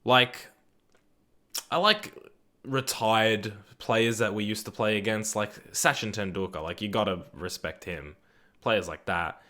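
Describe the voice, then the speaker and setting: A young Australian man chatting through a live game stream in a loose, rambling way. His voice sits a little low, and he tosses in the odd swear as he answers viewers. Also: a little slow, bright, forceful tone. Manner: laid-back, rambling, swears casually; reads viewer chat aloud and answers it. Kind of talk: live gaming stream chat.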